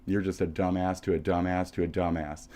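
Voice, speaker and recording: An American man on a livestream rants profanely at someone, taunting them and repeating his insults. His deep voice is warm and level in tone, and he speaks fairly quickly.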